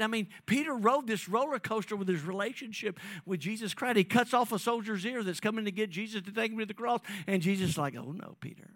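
A man preaching a sermon, calling on the congregation and swinging between loud emphasis and soft, drawn-out phrases. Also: high voice, no echo. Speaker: pastor.

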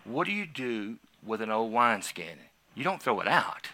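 A male pastor preaches a personal story with a very bright, ringing tone. He tells it with animated energy, dropping to quiet asides and then rising to loud, excited emphasis. His voice sits in a middle pitch for a man. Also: normal speed, hardly any pauses. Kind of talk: sermon testimony.

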